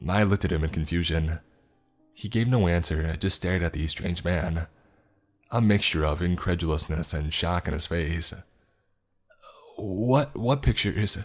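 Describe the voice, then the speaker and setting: A man narrating a horror story in a steady, measured way. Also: deep voice, soft background music.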